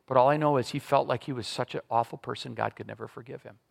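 A middle-aged man preaching a sermon to his church congregation, telling a personal story with lively acted-out voices and leading a prayer. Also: medium pitch, fast, creaky. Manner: animated storytelling, acting out quoted voices. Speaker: pastor. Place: church service before a congregation.

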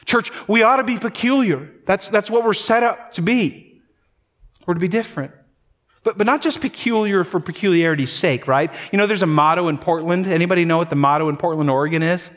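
Male pastor, middle-aged, high voice, emphatic sermon delivery that doubles words for stress. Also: brisk, fairly bright tone. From North Dakota. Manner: emphatic, repeats words when stressing a point.

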